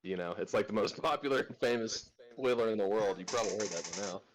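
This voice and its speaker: A man's voice: lowish voice, fast. A man co-hosting a podcast in casual chat, telling anecdotes full of quoted dialogue and swearing. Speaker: podcast co-host.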